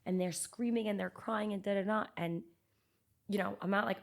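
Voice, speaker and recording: A woman who works as a parenting coach and behavioral therapist, talking in a chatty, animated way with many fillers as a podcast guest. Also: medium pitch, normal speed, creaky. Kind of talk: casual interview chat.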